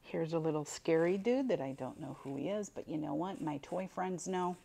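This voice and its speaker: A woman's voice: low-pitched, normal speed, vocal fry, warm tone. An older woman running a casual unboxing chat for her viewers, chatty and exclaiming over each item as she pulls it out. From Buffalo, New York. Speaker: reseller unboxing mystery boxes.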